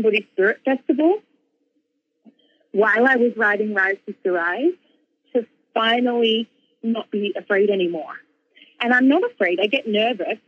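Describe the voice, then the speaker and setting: A woman author and speaker telling a personal story in casual conversation, animated, with lots of fillers and laughs. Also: mid-range voice, husky, muffled recording.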